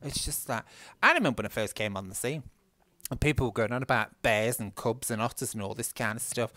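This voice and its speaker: A man's voice: mid-range voice, fairly bright tone, dry recording. A man with a Northern English accent, chatting casually and swearing freely as he tells a story while playing a game. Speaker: gaming vlogger.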